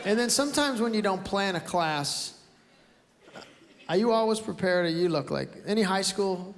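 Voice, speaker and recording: Expressive and at a normal speed, a high-voiced man from Canada delivers stand-up comedy in a large theater before a live audience. Brash and loud, he tells stories punctuated by acted-out outbursts. Crowd laughter and background noise come through in the roomy live recording.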